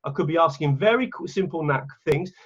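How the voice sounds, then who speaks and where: An English man gives a teacher training webinar over a video call. His voice sits high for a man and sounds a little husky, and the call audio is dull and lo-fi. He chats along and corrects himself as he clicks through his screen. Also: expressive, brisk, fairly bright tone. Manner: chatty, self-correcting, talks while clicking around. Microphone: computer mic on a video call.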